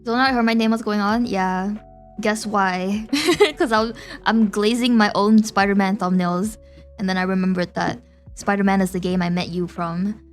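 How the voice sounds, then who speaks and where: A woman's voice: medium pitch, moderate pace, faint music behind. A young woman VTuber streamer chatting casually with her viewers, giggly and talkative, often laughing between phrases.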